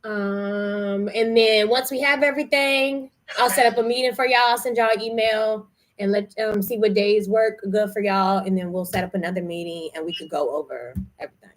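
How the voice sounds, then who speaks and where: A woman's voice: medium pitch, moderate pace, hardly any pauses. A young woman talking frankly to her camera about feeling tired and unwell, candid and emotional. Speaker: vlogger running group trips. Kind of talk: casual vlog talk.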